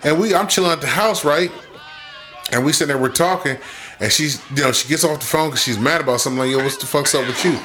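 A man's voice: on the high side, fast, noisy background. A man hosting a podcast who tells a story in a casual chat, profane and laid-back, acting out the dialogue as he goes. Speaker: podcast host.

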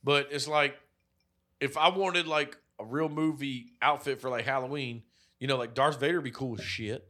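A man's voice: mid-range voice, fairly even intonation, normal speed, bright, forceful tone. A man in his thirties co-hosting a podcast, telling rambling, profane stories full of fillers in casual chat. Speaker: podcast co-host.

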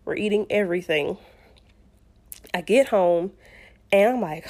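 A young woman, telling a personal story in a chatty, animated way with laughing asides. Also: medium pitch, unhurried. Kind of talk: casual storytelling.

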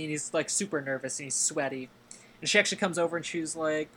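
A man's voice: fairly high pitch, quick pace, bright, forceful tone, a little hiss or hum. A man hosting a casual podcast, telling a long anecdote with plenty of fillers and laughing along with his friends. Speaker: podcast host. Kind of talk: casual storytelling chat.

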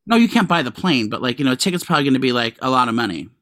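A man's voice: mid-range voice, sing-song, very fast, a bit bright, dry recording. A man co-hosting a podcast in casual chat, telling stories in loose rambling bursts with crude asides and restarts. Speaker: podcast co-host.

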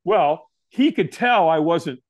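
A man's voice: slow pace, no room sound. A middle-aged man, a guest in an interview, telling a story and acting out what people said to him. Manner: animated, acts out quotes with big pitch jumps.

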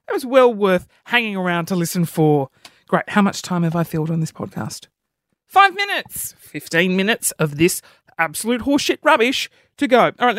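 A man's voice: high voice, fairly bright tone, no room sound, clean studio sound. A young man hosting a podcast alone, rambling in a chatty, self-mocking way. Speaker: podcast host. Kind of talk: solo comedic podcast chat.

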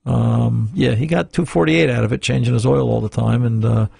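A man's voice: medium pitch, fairly even intonation, normal speed, vocal fry, mellow, slightly rough, dry recording. A middle-aged man hosting a radio car-repair show, talking casually and rambling with fillers and restarts.

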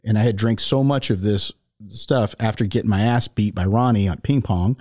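A man's voice: on the low side, moderate pace, darkish tone, no echo, studio quality. A man hosting a podcast, casually telling a long story to a friend and laughing often. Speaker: podcast host.

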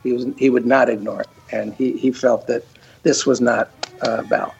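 A man's voice: medium pitch, flat delivery, moderate pace, vocal fry, darkish tone, lo-fi sound, a little hiss or hum. A man chatting as an interview guest, rambling with lots of restarts. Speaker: guest, cartoon creator. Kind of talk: casual interview chat.

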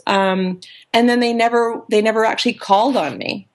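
A woman life coach telling her story in a casual interview, animated and chatty, acting out the voices of people she quotes. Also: a little high, moderate pace. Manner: animated storyteller who acts out quoted dialogue; chatty, with many fillers and restarts.

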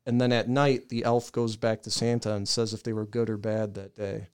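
A young man on a podcast, telling a long profane story in a casual, animated way and laughing as he goes. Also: lowish voice, normal speed, clean tone. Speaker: podcast co-host.

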